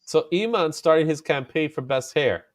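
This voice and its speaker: A man hosting a casual comic book chat, animated and laughing often, drawing out his exclamations. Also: fairly high pitch, moderate pace, no echo, clean studio sound. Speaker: comic book show host.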